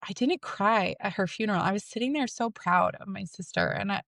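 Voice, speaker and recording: A woman in her thirties talking as a podcast guest, halting, with many fillers and self-conscious asides. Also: medium pitch, fairly bright tone, no echo, clean studio sound. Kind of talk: casual conversation.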